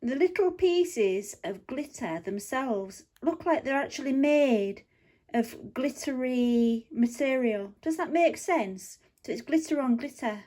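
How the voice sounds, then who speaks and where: A woman's voice sits a touch high as she chats through an unboxing, gushing and giving little laughs as she goes. She talks slowly and unhurriedly, recorded at home on a phone. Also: expressive, mellow. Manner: chatty and gushing, frequent small laughs. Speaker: craft vlogger. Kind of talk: casual unboxing chat to camera.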